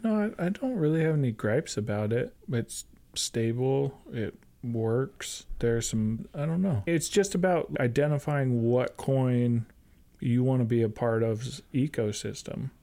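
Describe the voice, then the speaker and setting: Mellow-voiced man, hesitant and rambling. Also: mid-range voice, animated, unhurried. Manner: hesitant, restarts often, many fillers like "like" and "yeah". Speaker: podcast co-host. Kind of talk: casual chat.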